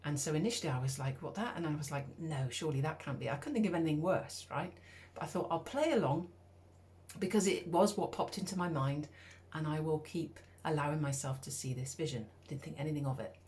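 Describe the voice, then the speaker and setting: A middle-aged woman from the UK telling a personal story in a lively, conversational way, acting out her own thoughts. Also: deep voice, quick pace, a little hiss or hum. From United Kingdom. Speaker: speaker.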